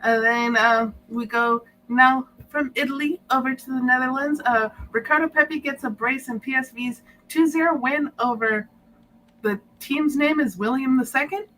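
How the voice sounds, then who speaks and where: A woman hosting a casual sports podcast, running through goal highlights and laughing often. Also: normal speed, pushed and bright, slight background noise, low-quality recording. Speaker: podcast host.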